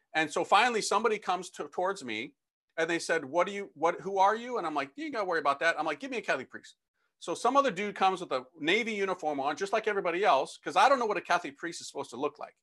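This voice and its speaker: A middle-aged man, a priest, telling his conversion story as a lively, slangy testimony talk and acting out the dialogue. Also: sits high.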